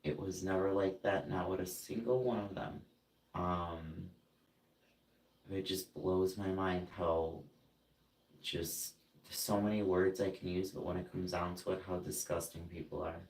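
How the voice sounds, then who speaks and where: A man venting about friends who hurt him, indignant and halting, with frequent fillers and restarts. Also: low voice, flat delivery, a little mellow. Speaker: vlogger. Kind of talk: emotional personal vent. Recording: roomy, distant from the mic.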